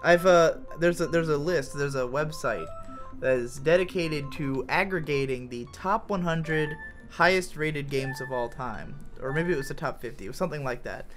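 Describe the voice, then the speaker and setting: A young man co-hosting a let's play, chatting casually in a rambling, profane and excitable way. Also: on the high side, normal speed. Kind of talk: casual gaming commentary. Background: video game music.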